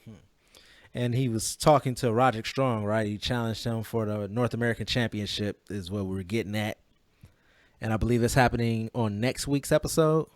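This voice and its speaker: A man's voice: on the low side, fairly even intonation, normal speed, no echo, studio quality. A man hosting a casual wrestling podcast, joking and laughing often as he leads the rundown. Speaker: podcast host.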